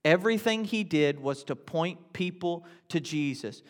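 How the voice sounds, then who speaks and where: A man's voice: fairly high pitch, expressive, measured pace. Man preaching in an echoing hall. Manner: conversational preaching with rhetorical questions, rising to emphatic repetition. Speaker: pastor. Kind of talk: sermon.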